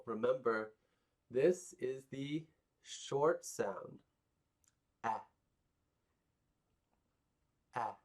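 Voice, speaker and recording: A man's voice: fairly low pitch, darkish tone. A man teaching phonics to young children, patient and encouraging, repeating sounds for them to copy.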